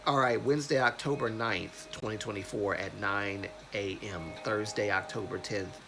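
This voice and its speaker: A young man with a cold, sniffling and congested, hosting a casual livestream and slowly reading news aloud with frequent restarts and self-corrections. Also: on the low side, vocal fry, over music. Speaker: livestream host.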